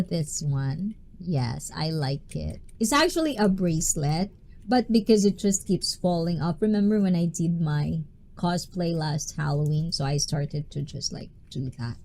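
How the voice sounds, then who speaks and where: A woman's voice: lowish voice, a little slow, warm tone. A woman hosting a casual livestream, chatting playfully, reading viewers' messages aloud and laughing often. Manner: playful, talkative. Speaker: livestream host.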